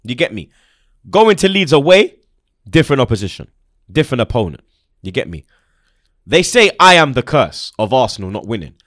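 A young man rants about football in a lively, up-and-down voice, heavy with street slang and emphasis. The sound is dry and close, with no room around it. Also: medium pitch, brisk, pauses often, no echo. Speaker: football fan show host. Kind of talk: heated casual football chat.

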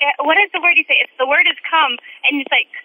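Bright, high, enthusiastic woman singer. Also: fast, no room sound, low-quality recording. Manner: enthusiastic, teasing. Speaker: guest singer. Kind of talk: casual interview chat. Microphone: phone line.

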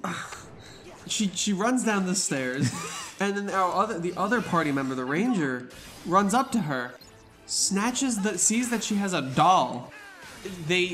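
A man casually telling a funny tabletop game story to friends, animated and laughing, acting out shouted lines. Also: sits high, moderate pace, faint music behind.

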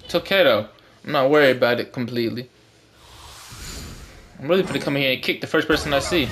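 A man giving goofy, hyped gameplay commentary that bursts into shouting. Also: mid-range voice, fast, pauses often. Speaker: gaming channel host. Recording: background music clearly audible.

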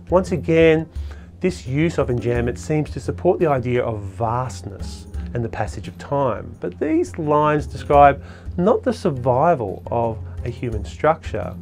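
A man's voice: mid-range voice, darkish tone. Man narrating a poetry lesson. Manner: measured, explanatory, stresses key words. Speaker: poetry lecturer. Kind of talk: scripted educational narration.

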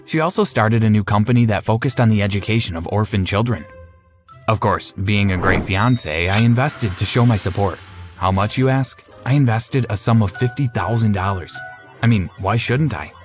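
A man with a low voice narrates a first-person animated story in a steady, conversational tone. Soft background music runs under his voice.

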